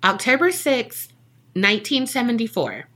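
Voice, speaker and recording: A woman's voice: on the high side, big pitch swings, moderate pace, sharp tone. A woman co-hosting a podcast, telling a true-crime case in a casual, jokey way and acting out the people she quotes.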